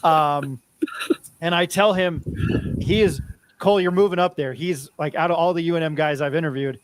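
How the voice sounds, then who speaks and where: A sports talk host with a slightly raised pitch rambles in a friendly way, circling back and restarting his sentences. His voice is close and dry, with no room sound. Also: normal speed, dry recording. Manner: rambling, chummy, restarts often. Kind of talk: casual interview chat.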